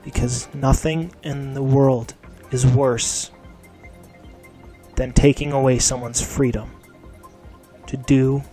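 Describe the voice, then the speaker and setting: A young man hosting a gaming channel, ranting angrily and swearing, swinging from low mutters to shouts, his mouth sore. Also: fairly even intonation, slow pace, long pauses, soft background music. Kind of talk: angry vent to camera.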